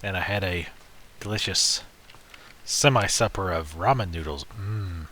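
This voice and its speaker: Bright-voiced chatty gaming host. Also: male voice, sits low, unhurried. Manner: chatty, joking, rambling. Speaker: let's play host. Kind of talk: casual gameplay commentary.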